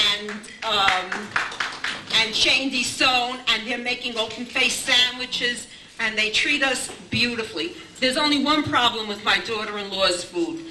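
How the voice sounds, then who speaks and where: An older grandmother telling chatty family stories in a speech at a bar mitzvah, with lots of restarts and repeated "I says". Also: a little high. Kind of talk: anecdotal family celebration speech. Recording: echoey room, distant mic, background noise.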